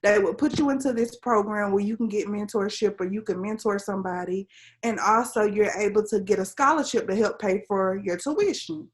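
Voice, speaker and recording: A woman's voice: mid-range voice, brisk. A young adult woman, a civil engineer, speaking as an interview guest, telling her story earnestly with frequent "um" and "like". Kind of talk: casual conversational interview.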